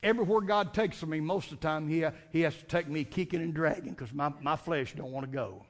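A man's voice: a little high, brisk. A man preaching a fervent Sunday night sermon, repeating and restarting phrases as he builds his points.

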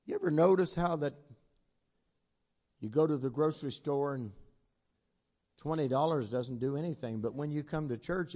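An older man preaches in a high, bright voice. He tells homespun stories in plain country grammar. He swings between loud exclamations and hushed asides. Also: creaky, breathy edge. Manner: folksy storytelling with plain southern-style grammar. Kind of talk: sermon.

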